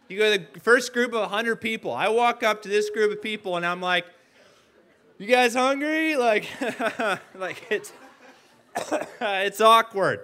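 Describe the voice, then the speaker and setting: A man preaching a casual sermon, retelling the story in an animated way and acting out the characters as he goes. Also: high-pitched. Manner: leads the audience to stand and call out.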